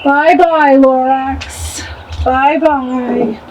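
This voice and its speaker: A woman reading a rhyming picture book aloud in an expressive way. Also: high-pitched, extremely slow, a little hiss or hum, low-quality recording. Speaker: storybook reader.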